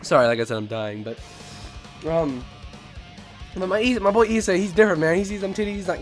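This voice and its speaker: Young guy vlogging, kinda high voice, laughs a lot and rambles, faint guitar behind. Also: lively intonation, brisk, long pauses. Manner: rambling, laughing, repeats himself. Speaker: YouTube host. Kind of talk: casual ranking commentary.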